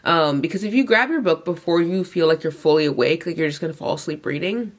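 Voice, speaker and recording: A woman's voice: deep voice, fast talker. A young woman vlogging casually from bed early in the morning, sleepy and yawning, with a runny nose, talking in a chatty way full of "like"s. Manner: chatty, filler-heavy, many "like"s and restarts. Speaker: book vlogger. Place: bedroom, lying in bed.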